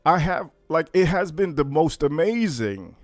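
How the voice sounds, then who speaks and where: A man hosting a casual livestream, telling stories in an animated, profane way. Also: fairly high pitch, measured pace, no room sound. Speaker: livestream host.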